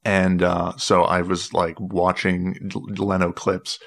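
Deep-voiced rambling man. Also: little pitch movement, creaky, fairly bright tone. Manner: rambling, halting, with many restarts and fillers. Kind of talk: casual chat.

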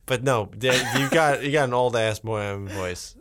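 A man's voice: medium pitch, moderate pace, a bit bright. A man hosting a podcast in casual chat, teasing his co-host, laughing often and swearing casually.

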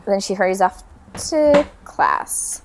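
A woman's voice: medium pitch, wildly swooping pitch, slow pace, a little hiss or hum. A young woman co-hosting a podcast, casually recapping a movie with lots of ums and cheerful swearing. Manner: rambling, many ums, swears freely, mock voices for characters. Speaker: podcast co-host.

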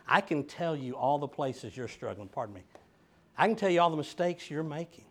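A man preaching a sermon, emphatic and direct with his listeners. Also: fairly high pitch. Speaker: pastor.

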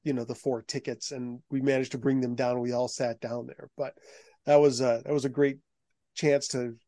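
A middle-aged man, a guest author, telling anecdotes in a lively, conversational way. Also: medium pitch, moderate pace, no echo, clean studio sound. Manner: lively anecdotal telling, acts out quoted voices. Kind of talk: conversational storytelling.

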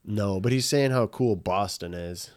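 A man's voice: fairly low pitch, measured pace. A man co-hosting a casual chat, teasing and sarcastic in a dry way.

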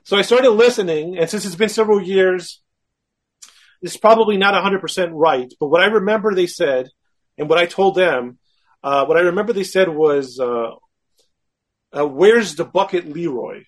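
High breathy-voiced guy, guest telling a story, animated, acts out his own thoughts. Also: moderate pace, pauses often. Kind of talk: casual storytelling.

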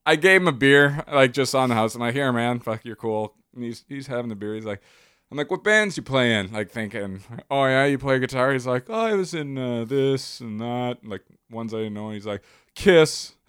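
Animated storytelling man. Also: medium pitch, normal speed, clear, resonant tone, dry recording, studio quality. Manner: profane, animated, acts out quotes. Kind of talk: casual chat, storytelling.

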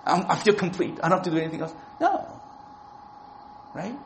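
A man's voice: sits high, lively intonation, normal speed, slight background noise, rough recording. A man in his forties preaching a sermon in a casual, talky way, often asking "right?" to the listeners. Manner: conversational, keeps asking "right?". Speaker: preacher and lawyer.

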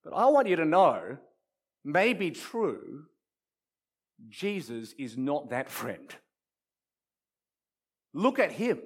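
A male preacher delivers his sermon with a lively, swooping voice that sits a little above the usual male pitch. He tells stories dramatically and builds through repeated rhetorical phrases. His delivery swings from hushed to strong. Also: takes it slowly, long pauses, husky. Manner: dramatic storytelling with wide swings from soft to loud; repetitive rhetorical build-ups.

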